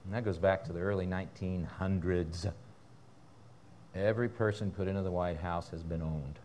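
A man preaching a sermon as pastor in a church, fiery and animated, breaking into laughter and asides. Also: deep voice, moderate pace, slight background noise.

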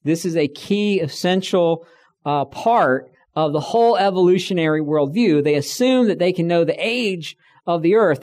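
Addressing a room in a fairly high voice with a darkish tone, this middle-aged speaker tells stories in a conversational way. He performs the voices of the people he quotes and says he's feeling tired.

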